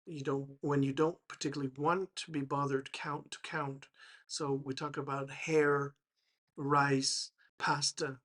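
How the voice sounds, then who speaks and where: A man explaining English grammar to learners, slow and hesitant, with many fillers and restarts. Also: mid-range voice, a bit bright. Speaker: English teacher.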